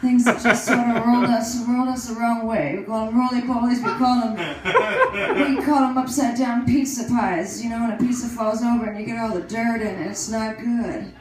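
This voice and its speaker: On a comedy stage, a woman performs stand-up character comedy as a vain, self-dramatizing aging female celebrity hosting a comedy show, rambling in a brassy, crude way. Her voice sits on the high side, natural and fairly quick with fairly even intonation, recorded in a very echoey live room with crowd noise.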